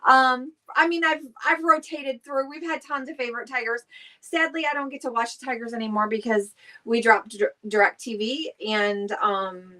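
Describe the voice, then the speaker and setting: Woman, middle-aged, live-stream host, chatty, rambling, high pitched. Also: fairly even intonation, normal speed, bright, forceful tone. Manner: rambling, with many fillers and restarts, greets commenters. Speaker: direct seller hosting a weekly live stream.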